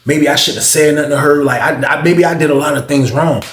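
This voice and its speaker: A man telling a story from his own past in a casual, profane way, acting out both sides of the conversations with lively energy. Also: a little high, fast talker, reverberant, slight background noise.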